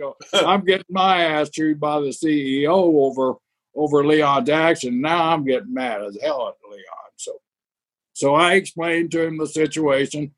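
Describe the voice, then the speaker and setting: A man's voice: on the high side, unhurried, no echo. A man telling a rambling, profane anecdote from his days as a wrestling tour manager. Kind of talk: anecdotal storytelling.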